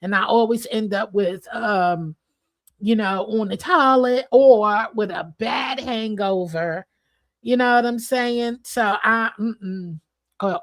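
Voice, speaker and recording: A woman hosting a casual livestream chat with her viewers, expressive and chatty, laughing often and swearing casually. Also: medium pitch, no echo. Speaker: livestream host.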